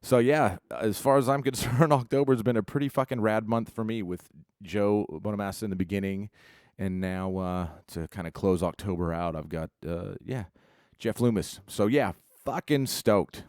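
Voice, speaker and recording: A man's voice: fairly low pitch, moderate pace, darkish tone, clean tone, dry recording, clean studio sound. Laid-back, cussing man telling a story. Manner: profane, rambling, laid-back. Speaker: vlogger; musician. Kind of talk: casual storytelling.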